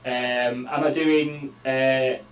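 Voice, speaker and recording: A man playing a tabletop game, counting out dice rolls slowly and deliberately, swearing now and then. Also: medium pitch, level tone, reverberant, poor audio. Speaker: player.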